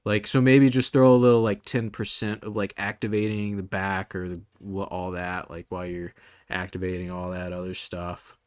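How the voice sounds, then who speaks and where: A man's voice: deep voice, flat delivery, normal speed, darkish tone, smooth, no room sound, clean studio sound. A man hosting a casual comedy podcast, rambling through fillers and restarts and laughing often. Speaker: podcast host.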